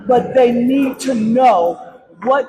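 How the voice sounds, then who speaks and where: Crowd noise surrounds this middle-aged grandmother as she gives an emotional press conference speech in her grief. Her voice is slightly high and slow, and she pleads tearfully, often saying the same words over.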